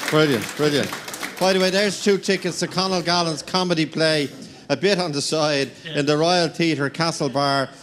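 A man's voice: fairly high pitch, normal speed. A man with an Irish accent hosting a comedy show, chatty and laughing as he talks to the crowd. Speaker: show host.

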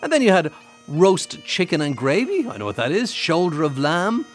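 Playful radio host with animated voice. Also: male voice, high-pitched, normal speed, soft background music. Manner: teasing, playful. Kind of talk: lively radio banter.

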